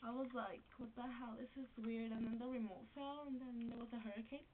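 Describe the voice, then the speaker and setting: High-voiced giggly teenage girl. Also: steady tone, fast talker. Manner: giggly and teasing. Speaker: vlogger. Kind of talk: casual chat among friends. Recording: tinny lo-fi webcam audio with hiss.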